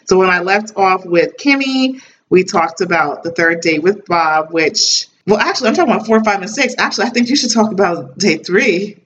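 A woman's voice: medium pitch, expressive, moderate pace, fairly bright tone. A woman hosting a podcast, talking casually and chattily, laughing often and using many fillers. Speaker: podcast host. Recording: dull distant recording with faint hiss.

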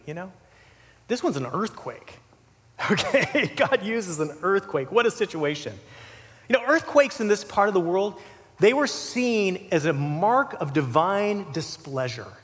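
Guy preaching a sermon, chatty and animated, voice bouncing all over, long echo in a big hall. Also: high-pitched. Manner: animated, conversational, with asides and filler "you know". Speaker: pastor.

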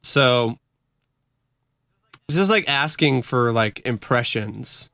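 A man's voice: medium pitch, expressive, slow, bright, forceful tone, dry recording, studio quality. A man co-hosting a podcast in casual chat, laid-back and agreeable, laughing often. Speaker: podcast co-host.

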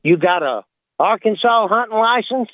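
A man on a phone line voicing a gruff, suspicious game warden who keeps calling people boy. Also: sits high, animated, normal speed, dry recording, pitched above the performer's own voice. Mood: stern. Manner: drawling, bossy, calls everyone boy.

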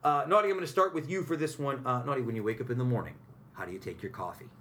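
A young man hosting a podcast, chatting casually with guests and telling animated stories with frequent laughter. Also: medium pitch, rapid-fire, a little hiss or hum. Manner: animated storyteller, laughs often. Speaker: podcast host. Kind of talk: casual interview chat.

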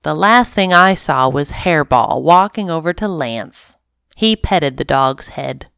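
A woman's voice: deep voice, takes it slowly, vocal fry, clean tone, dry recording, clean studio sound. Woman reading a pet storybook aloud. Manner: expressive, animated reading in first person. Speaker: story reader. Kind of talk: storybook narration.

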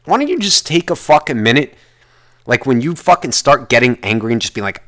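A man venting on his own podcast in a loose, profane, rambling monologue. His voice rises and falls a lot as he goes. He sits at a middle pitch and swears in nearly every sentence. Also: very animated, fairly quick, sharp tone. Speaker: podcast host. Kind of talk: solo podcast rant. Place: lives in the United States.

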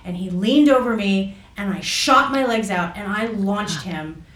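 A woman telling a personal story in a halting way, full of fillers and restarts. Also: medium pitch, fairly bright tone, far from the mic. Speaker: guest recounting a personal experience. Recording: echoey room, voice off mic.

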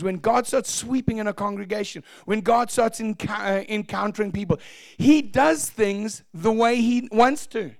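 High-voiced animated male pastor. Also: creaky, no room sound, clean studio sound. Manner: animated storytelling, acting out shouts and laughter. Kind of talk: testimony sermon.

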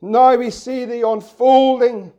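A pastor with a notably high voice delivers an impassioned sermon in church. His tone stays mellow and warm even as he repeats his questions with rising urgency. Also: takes it slowly, dull audio. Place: church meeting room.

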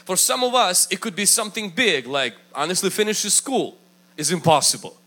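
A man preaching a sermon in a high, bright voice. His delivery is emphatic and swings widely in pitch. He acts out the people he quotes. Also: expressive, fairly quick. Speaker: pastor.

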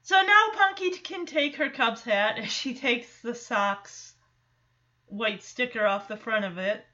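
A woman's voice: on the high side, measured pace, pushed and bright, lo-fi sound. A young woman recapping a TV episode in a casual, gushing, enthusiastic way. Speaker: show recap vlogger.

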